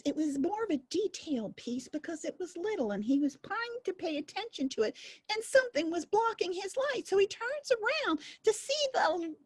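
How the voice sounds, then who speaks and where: A woman storyteller telling a folk tale in a playful, animated way. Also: sits high, dry recording.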